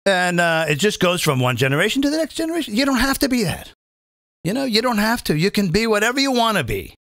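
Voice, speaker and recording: A man's voice: high-pitched, sing-song, fast talker, a bit bright, no room sound, studio quality. A man in his fifties hosting a live comedic political rant, rambling and repeating phrases as he stumbles over restarts. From British American. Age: 50s. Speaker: comedian host.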